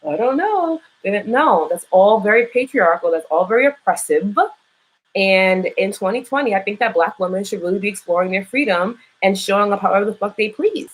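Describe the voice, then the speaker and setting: A young adult woman with a New York accent hosting a casual live chat, frank and profane, swooping up in pitch when she gets worked up. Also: fairly quick, low-quality recording. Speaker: podcast host.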